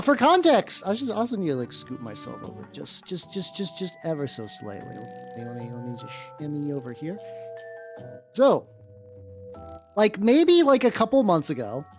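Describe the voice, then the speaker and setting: Livestream painter, rambling chatty talk, casual swearing, very lively pitch, faint music behind. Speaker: streamer painting miniatures.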